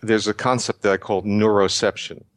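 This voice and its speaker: A man's voice: lowish voice, flat delivery, normal speed, no echo. An older man answering interview questions, explaining ideas at length with frequent restarts and fillers. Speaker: guest researcher.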